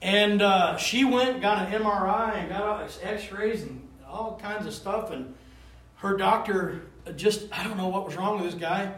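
A man preaching a conversational sermon to a small group. He talks in an animated, rambling way and keeps asking the listeners for answers. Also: sits high, unhurried. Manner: animated, rambling, calls for responses. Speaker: pastor. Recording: roomy room, voice from a distance.

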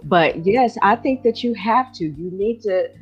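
A woman hosting a podcast, chatting casually and encouraging her guest, often pausing to search for words. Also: mid-range voice, expressive. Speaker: podcast host. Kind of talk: casual chat. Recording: dull lo-fi sound with faint music.

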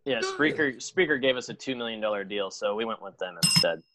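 A man's voice: fairly low pitch, lively intonation, a little fast, very noisy. A man co-hosting a podcast, joking and easygoing in casual chat. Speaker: podcast co-host.

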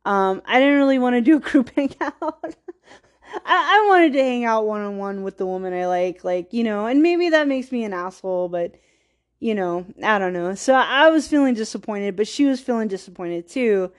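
A woman's voice: fairly high pitch, expressive, moderate pace. A woman hosting a podcast, telling a personal story in a rambling, casual way, full of "like," with wistful, self-deprecating laughs. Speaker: podcast host.

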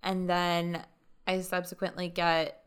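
A woman casually telling a story on a podcast, chatty and animated, acting out what others said. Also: lowish voice, slow, smooth. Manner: chatty, animated retelling with quoted dialogue. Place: lives in Las Vegas.

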